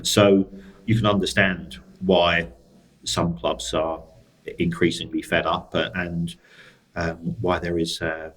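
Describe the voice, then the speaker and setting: A man's voice: sits low, little pitch movement, slow pace, a bit bright, rough recording. A man co-hosting a podcast, explaining football finance in a casual, dry and wry way. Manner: dry, wry asides, frequent restarts. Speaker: co-host, football finance expert.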